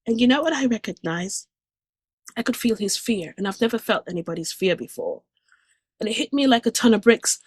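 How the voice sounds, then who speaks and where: A woman's voice: fairly high pitch, big pitch swings, brisk, a little hiss or hum. A woman giving an earnest, emotional personal testimony about a near-death experience, recounting it vividly and restarting her sentences as feelings rise. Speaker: guest speaker sharing a near-death experience.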